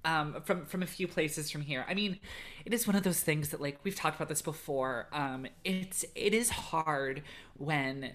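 A woman's voice: low-pitched, moderate pace. A woman co-hosting a podcast in casual chat, easygoing and amused, with frequent "um"s. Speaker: podcast co-host.

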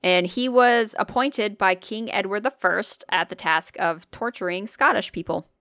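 A woman's voice: mid-range voice, unhurried, pushed and bright, dry recording, clean studio sound. A young woman co-hosting a casual podcast, telling ghost stories in a chatty way, swearing and laughing often. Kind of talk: casual chat.

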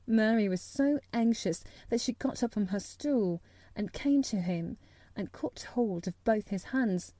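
A woman narrating a classic novel as an audiobook, in calm, measured storytelling close to the mic. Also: mid-range voice, dry recording.

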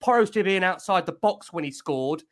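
A man hosts a fan podcast, steering the conversation toward guests and reviewing the match in a conversational, slightly hesitant manner. His high-pitched voice is animated and moves at a moderate pace.

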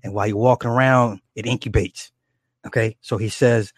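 Profane, animated man retelling a movie. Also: fairly low pitch, fairly quick, no echo, clean studio sound. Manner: animated and profane, with many restarts and acted quotes. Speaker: storyteller recounting a horror movie. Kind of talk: casual rambling plot retelling.

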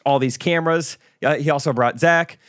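A man co-hosting a podcast, trading relaxed, easygoing banter and recapping his week. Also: fairly high pitch, moderate pace. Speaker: podcast co-host. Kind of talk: casual chat.

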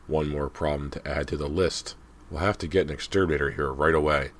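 A man's voice: rumbling low, steady tone, brisk, fairly bright tone. A man reading an audiobook, voicing a tired, guarded father who sounds wary of strangers. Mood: weary. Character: weary suspicious father.

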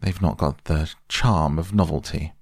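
A man doing a petulant young gentleman. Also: rumbling low, measured pace, gravelly, no room sound, clean studio sound, full character voice. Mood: airy petulant. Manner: petulant, airy. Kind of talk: soft bedtime audiobook reading.

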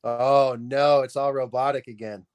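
Young dude guest on a movie stream, laid back, jokes around, says dude a lot. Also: male voice, mid-range voice, fairly even intonation, unhurried, a little mellow, clean tone. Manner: easygoing, joking, laughing, says dude and man. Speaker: guest co-host. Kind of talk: casual livestream chat.

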